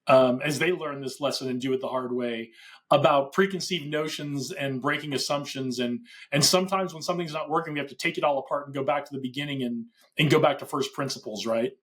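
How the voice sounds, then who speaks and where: A man hosting a podcast interview, asking reflective questions and then running a quick question game with upbeat energy. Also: medium pitch, a bit bright. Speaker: podcast host. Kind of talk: conversational interview.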